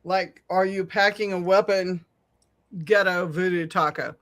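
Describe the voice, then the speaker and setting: A middle-aged woman telling a long, animated story on a podcast, swearing freely and laughing often. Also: lowish voice, unhurried. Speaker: podcast co-host. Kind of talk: casual storytelling chat.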